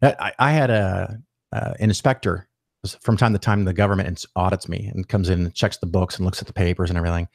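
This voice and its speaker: Brief: man, podcast guest, lively profane storyteller, dry close sound. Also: deep voice, fast talker, gravelly, no room sound. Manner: animated, profane, acts out quoted voices. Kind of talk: casual storytelling interview.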